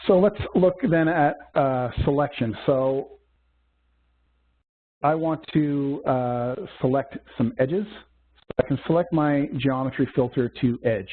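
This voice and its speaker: A man teaching a software demo in a webcast, walking through steps methodically with small fillers. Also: medium pitch, slow pace. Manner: methodical step-by-step explaining with fillers. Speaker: software instructor. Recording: tinny phone-like webcast audio.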